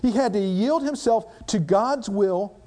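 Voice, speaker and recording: A man's voice: high-pitched, measured pace, warm tone. A man preaching a sermon, reading scripture aloud and breaking into dramatic plain-spoken commentary with rhetorical questions.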